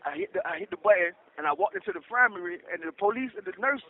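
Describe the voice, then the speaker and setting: Man, high-pitched, casual rambling storyteller, recorded like a tinny phone line. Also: very animated, very fast, vocal fry. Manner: rambling, conversational, with many restarts. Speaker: guest telling a personal story. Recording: tinny phone-like sound with faint noise.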